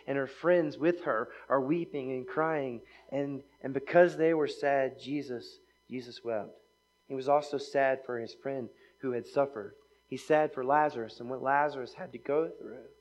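A man delivering a sermon in an easy, conversational voice at an ordinary middle pitch. He keeps checking in with his listeners by asking "right?" as he works through the reading. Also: low-quality recording. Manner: conversational, often asks "right?". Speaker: preacher.

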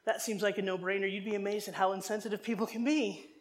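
A woman from New Jersey preaching a sermon in an animated, conversational way, with humorous side stories. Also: mid-range voice, quick pace.

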